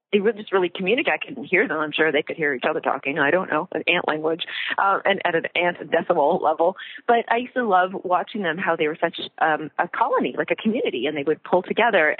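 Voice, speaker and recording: A woman's voice: lowish voice, fairly quick, breathy edge, no echo. A woman co-hosting a casual talk show, chatty, laughing often and acting out little voices. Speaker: co-host. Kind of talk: casual chat. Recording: tinny phone line.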